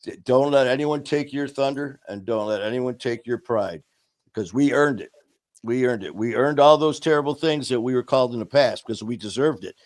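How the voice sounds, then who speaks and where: A man's voice: medium pitch, normal speed, no echo. Earnest man sharing recovery stories. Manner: earnest, storytelling, drops quiet on painful moments. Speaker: podcast co-host. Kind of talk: casual recovery talk.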